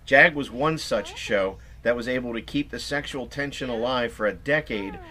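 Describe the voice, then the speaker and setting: A man's voice: medium pitch, normal speed, sharp tone, low-quality recording. A man narrating a fan documentary in a scripted but chatty way.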